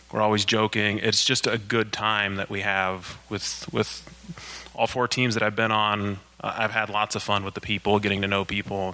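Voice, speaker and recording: Man, church mission talk, lowish pitch, flat steady delivery. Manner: self-described monotone, steady, uses uh. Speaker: church mission team member.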